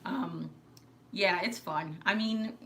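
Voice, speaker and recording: A woman's voice: fairly low pitch, slow pace, fairly bright tone, a little hiss or hum. A woman with a Long Island New York accent, chatting and telling rambling stories as host of a home livestream. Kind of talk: casual chat on a livestream. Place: living room at home.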